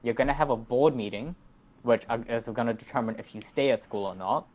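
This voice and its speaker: A man's voice: mid-range voice, a little fast, a little mellow. A teenage man, rambling through a story in casual podcast chat and swearing a lot. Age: teens. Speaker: podcast host. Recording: dull lo-fi recording.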